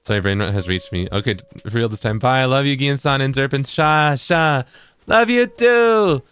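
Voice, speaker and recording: A male streamer chatting casually while playing a game, relaxed and chuckling, reading viewer messages aloud. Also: medium pitch, fairly quick, clean tone, faint music behind. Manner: relaxed, chuckling, sprinkles Japanese phrases, reads chats aloud.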